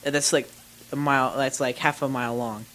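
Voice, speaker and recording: A man's voice: medium pitch, steady tone, moderate pace, fairly bright tone. A man co-hosting a casual tech talk show, goofing around with rambling jokes. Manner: goofy, jokey, rambling. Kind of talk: casual banter.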